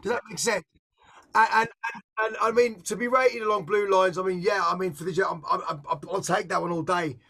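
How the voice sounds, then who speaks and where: A middle-aged man from England with a noticeably high voice, reflecting in a casual interview. He rambles, circles back and repeats himself as his thoughts run ahead of his words, with an intense edge to his talk. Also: steady tone, a little fast, gravelly, sharp tone. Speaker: interviewed artist.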